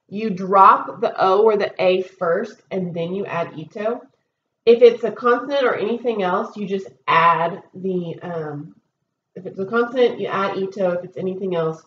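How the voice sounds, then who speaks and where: A woman teacher in a classroom, patiently walking her students through a test with many ums and okays. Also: medium pitch. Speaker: Spanish teacher. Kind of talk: recorded test review lesson. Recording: dull roomy recording with faint noise.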